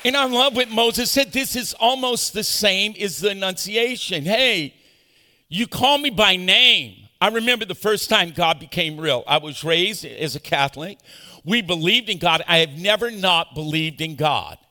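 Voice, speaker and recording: A male pastor preaching an animated sermon, calling on the congregation to answer back. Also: sits high, moderate pace. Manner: animated preaching with call-and-response. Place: large church auditorium. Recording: echoey church hall.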